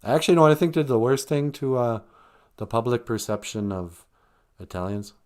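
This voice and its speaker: Joking man with a lively voice. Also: medium pitch, fairly quick. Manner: joking, rambling, reads chat comments aloud. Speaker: live stream host. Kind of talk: casual live-stream chat.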